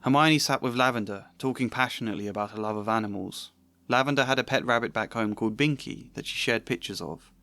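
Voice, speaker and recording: A man's voice: mid-range voice, quick pace, sharp tone, no room sound. Man musing in a video essay. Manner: reflective, self-questioning, occasional laughs. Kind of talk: analytical video essay with read-aloud excerpts.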